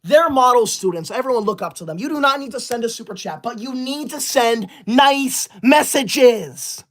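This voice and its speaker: Male streamer, comedic skit, prim and indignant, quick to snap and ban. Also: extremely high pitch, lively intonation, a bit bright. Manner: indignant, bossy, snaps at viewers and bans them; prim praise for good students. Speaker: livestreamer reading super chats.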